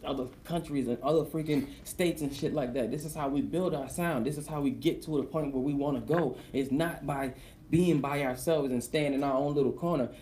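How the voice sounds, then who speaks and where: A male radio host with a mellow, dark voice who riffs loosely and hypes up his listeners, with plenty of casual swearing. He speaks from a studio, with faint noise behind him. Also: fairly high pitch. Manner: loose, profane, animated hype talk.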